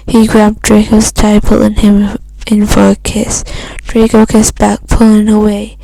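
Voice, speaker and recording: Woman reading fanfic out loud, flat monotone, keeps tripping on words, dry close sound. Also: medium pitch, vocal fry, dry recording, rough recording. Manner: halting reading with frequent restarts. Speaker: fan fiction reader. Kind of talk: reading a fan story aloud.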